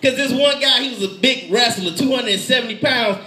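A man preaching a lively sermon with an animated, playful delivery, laughing and shouting in bursts. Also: very high-pitched, brisk. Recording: echoey room.

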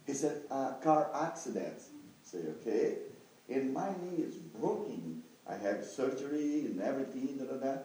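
Echoey, animated man telling a testimony. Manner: halting non-native English, jumps to high excited exclamations. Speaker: evangelist sharing a testimony. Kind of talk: animated testimony to a listening audience. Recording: echoey room, picked up from a distance, faint noise.

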